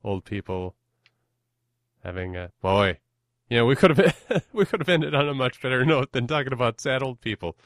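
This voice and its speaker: A man's voice: mid-range voice, animated, moderate pace, no echo, clean studio sound. A man hosting a podcast in casual chat, joking and poking fun at himself. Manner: joking, self-deprecating banter. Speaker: podcast host.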